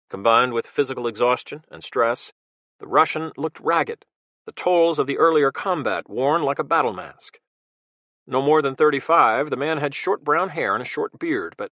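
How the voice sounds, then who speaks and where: A man reading a thriller audiobook in a steady, measured narration. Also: mid-range voice, no echo.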